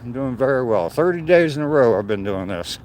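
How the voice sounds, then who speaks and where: An older man, chatting in a relaxed, rambling way on a live walk and greeting viewers by name. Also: medium pitch, brisk, a little hiss or hum. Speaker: vlogger walking and reading chat. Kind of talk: casual chat on a live walk. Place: outdoors on a walk.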